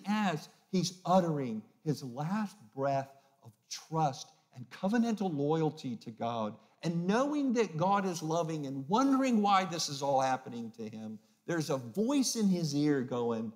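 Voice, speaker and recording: A man preaching as a pastor, emphatic, swinging between loud peaks and hushed low phrases, and acting out the mocking voices of the crowd. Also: very animated, a little slow, hardly any pauses. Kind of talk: sermon.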